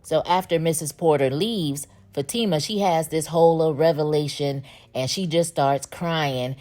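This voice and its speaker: A woman's voice: deep voice, moderate pace, warm tone. A woman hosting a casual, opinionated TV episode recap, chatting and laughing as she retells the plot.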